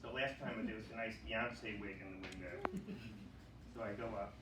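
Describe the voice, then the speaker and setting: A man's voice: lowish voice, steady tone, moderate pace. A man with a New York accent doing a chatty open-mic stand-up set, acting out other people's lines. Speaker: stand-up comic. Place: small comedy club. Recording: echoey club heard from a distance, loud room noise.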